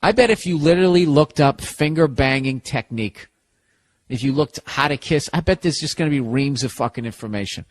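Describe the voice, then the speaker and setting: A man's voice: mid-range voice, expressive, a little fast, dry recording. A man with a Boston accent hosting a podcast, giving rambling, profane, sarcastic advice in a casual comedic monologue. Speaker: podcast host. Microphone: podcast studio mic.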